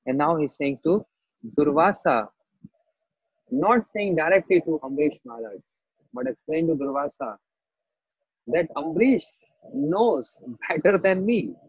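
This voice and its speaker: A man's voice: fairly high pitch, lively intonation, unhurried, pauses often, slightly rough, no room sound, highs cut off. A man giving a scripture lecture, telling a story, repeating key phrases and checking that listeners understand. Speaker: spiritual teacher.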